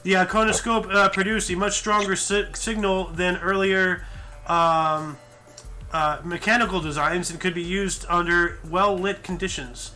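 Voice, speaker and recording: A man hosts a loose, jokey group chat, reading out events from history. His voice sits high and sounds very bright. Soft music plays faintly underneath. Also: fairly even intonation, measured pace. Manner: jokey, slips into a mock Australian accent.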